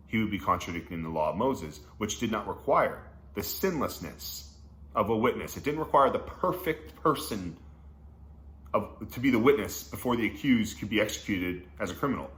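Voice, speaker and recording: A man reading Bible passages and explaining them in a casual, slangy way, breaking into excited asides as he teaches. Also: fairly low pitch, moderate pace. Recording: echoey room with faint background noise.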